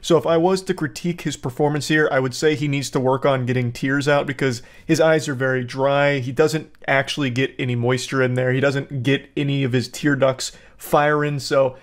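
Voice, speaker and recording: A man hosting reaction commentary, heaping deadpan, profane mock praise. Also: mid-range voice, normal speed, hardly any pauses. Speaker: commentary host.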